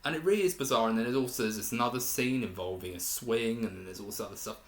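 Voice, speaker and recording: A man's voice: mid-range voice, fast. A young man reviewing a film in casual, rambling talk, full of fillers and restarts. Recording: roomy echo in a room.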